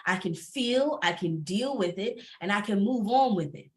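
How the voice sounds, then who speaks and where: Woman panelist, lively and emphatic, laughs a lot, video call sound. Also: mid-range voice, moderate pace. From Atlanta area. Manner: animated, laughing, emphatic repetition. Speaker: panelist, entrepreneur and former teacher. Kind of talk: candid panel talk.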